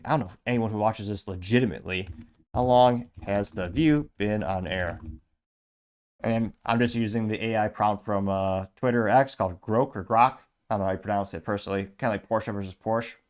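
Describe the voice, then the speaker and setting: A man's voice: fairly low pitch, a little mellow. A man hosting a commentary show, reading comments aloud and adding sarcastic, rambling asides. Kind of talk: casual commentary reading social media comments.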